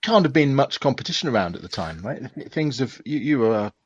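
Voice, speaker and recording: Lively-voiced male interviewer. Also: mid-range voice, fast talker, lo-fi sound. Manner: curious, prompting questions. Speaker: interview host. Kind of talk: casual interview questions.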